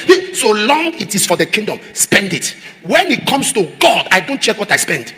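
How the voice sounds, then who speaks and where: Male pastor, high animated voice, quick delivery, sermon in echoey hall. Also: husky. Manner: preaching with repeated refrains, rising to shouts. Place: large church auditorium.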